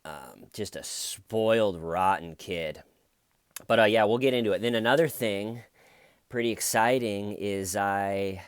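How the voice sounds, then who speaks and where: A man's voice: deep voice, clean tone, no echo. A man giving casual true crime commentary as a YouTuber, rambling and wry, with jokes.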